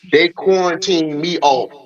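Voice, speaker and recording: A middle-aged man hosting a casual conversation, speaking bluntly and acting out the exchanges he describes. His voice sits a little high for a man, and the live-stream audio sounds dull and lo-fi. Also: a little slow. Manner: blunt, profane, acts out quoted exchanges. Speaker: host.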